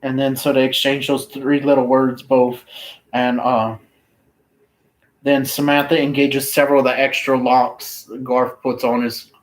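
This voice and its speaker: A man casually reading his own fiction aloud, unhurried and flat, now and then pausing to find his place. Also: mid-range voice, low-quality recording.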